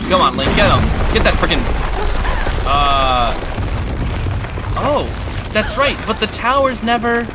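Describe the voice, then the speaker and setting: A man hosting a gaming channel, giving excitable, chatty commentary while he plays and talks to the characters on screen. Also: high voice. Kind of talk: casual gameplay commentary. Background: game music.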